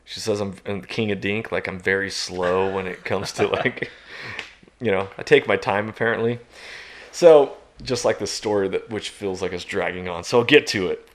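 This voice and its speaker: A man, a podcast guest, telling a long outdoor story in a lively way, laughing and jumping into loud high shouts as he acts it out. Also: moderate pace. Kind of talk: animated storytelling.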